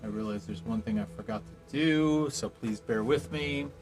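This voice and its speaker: A man narrates a tabletop game as its game master, in a loose, conversational way. His voice sits at a middle pitch, and music plays clearly behind him. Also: moderate pace. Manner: casual, loose narration with fillers.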